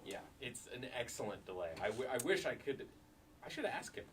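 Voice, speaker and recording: A man's voice: mid-range voice, big pitch swings, a little fast, slight background noise. A man chatting casually about studio gear as a music producer, laid-back and geeky. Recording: distant mic under loud music.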